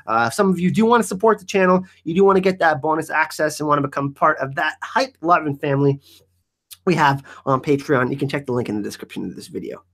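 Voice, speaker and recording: An energetic man hosting a casual live-stream Q&A, rambling with many restarts. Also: fairly high pitch, quick pace. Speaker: YouTube channel host.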